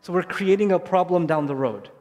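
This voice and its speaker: A man's voice: high voice, brisk. Man speaking on stage, hall echo. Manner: animated storytelling, repeats key phrases. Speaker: speaker at a family event. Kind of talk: lively stage talk to parents. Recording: long hall reverb.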